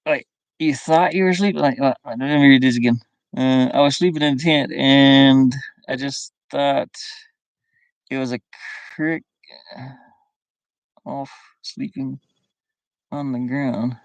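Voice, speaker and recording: A man's voice: medium pitch, level tone, slow, pauses often, dry recording. A man from the American South with a faint Southern drawl, chatting casually on a live stream from his van, reading viewer comments and chuckling often. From US South (Kentucky and Virginia). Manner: easygoing, chuckles often, thinks aloud.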